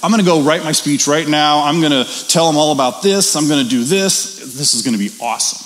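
A man's voice: on the high side, a little fast, fairly bright tone, lightly acted. Eager, gushing male apostle, put on by a man telling the story; casual, in a reverberant room. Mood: thrilled. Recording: reverberant room with faint hiss.

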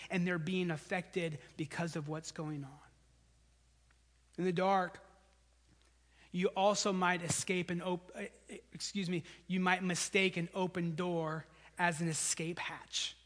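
High-voiced preaching man in a reverberant hall. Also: fairly even intonation, normal speed. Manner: conversational preaching, rising for emphasis then dropping low and soft. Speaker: pastor. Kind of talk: sermon.

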